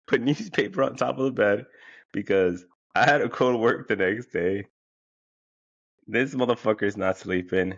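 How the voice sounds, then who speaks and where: A man with a very low, gravelly voice rambles through a comic story, swearing freely and stumbling over restarts. He sounds a bit tired. The recording is dull and lo-fi, with a dry, close sound. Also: lively intonation, takes it slowly, long pauses, dry recording. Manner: rambling, profane, many fillers and restarts. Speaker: podcast host.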